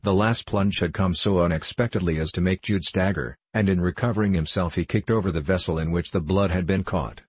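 A man narrating a classic novel in a steady, measured way. His voice is very deep with a husky edge. The sound is close and dry. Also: no room sound. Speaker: audiobook narrator. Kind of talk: scripted narration.

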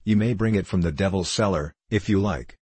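A man voicing a pompous, haughty young apprentice captain who speaks slowly and grimly, in a low husky voice. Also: darkish tone, no echo. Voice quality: haughty, grim. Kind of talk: audiobook character reading.

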